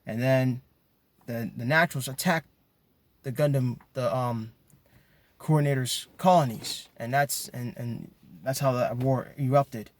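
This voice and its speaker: A man's voice: medium pitch, measured pace, no room sound. A man delivering an impassioned monologue to his viewers, emphatic and ranting, often repeating words as he gets worked up. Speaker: video commentator.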